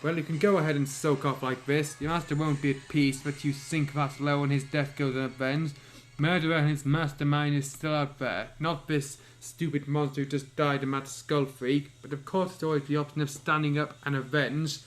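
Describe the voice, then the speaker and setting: Cold scolding warrior lady, guy reading it in his own voice, kinda high, soft music behind. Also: little pitch movement, normal speed, natural voice. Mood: scornful. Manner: harsh, scolding. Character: cold, scornful female warrior.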